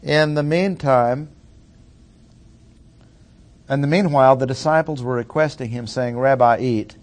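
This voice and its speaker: A man's voice: mid-range voice, measured pace. A man teaching through a Bible passage verse by verse, stressing key words with plain-spoken asides. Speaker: preacher.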